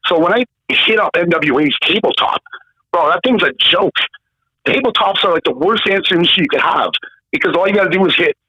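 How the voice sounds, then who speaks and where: A man of about fifty from Canada tells his story in a high, bright, forceful voice, cursing at every turn and acting out the other people in it. The sound is dry and a little dull, like a lo-fi recording. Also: brisk, breathy edge, no echo. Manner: swearing, animated, acts out the people in his story. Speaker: guest. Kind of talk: casual storytelling interview.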